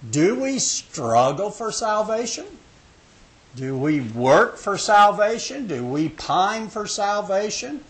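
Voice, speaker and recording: A man's voice: sits high, very animated, slow. An older man in his sixties leading a Bible study class, joking and emphatic as he asks questions. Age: 60s. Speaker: Sabbath school teacher.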